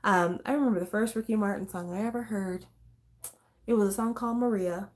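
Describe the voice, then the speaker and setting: A woman hosts a relaxed talk stream in an easy, chatty way. She swears freely and breaks into bits of songs, and her voice sits at an ordinary middle pitch. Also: brisk. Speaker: host. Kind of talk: casual chat.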